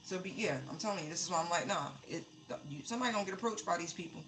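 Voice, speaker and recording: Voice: mid-range voice, very fast, rough recording. A tarot reader giving a casual, emphatic live-streamed reading, often repeating words for stress.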